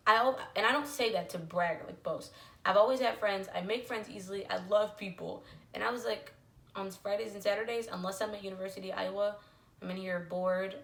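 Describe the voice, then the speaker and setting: A woman's voice: mid-range voice, fairly bright tone, roomy sound. A young woman telling a personal story to camera in a candid, emotional way, with lots of "like" and "literally". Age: young adult. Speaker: vlogger.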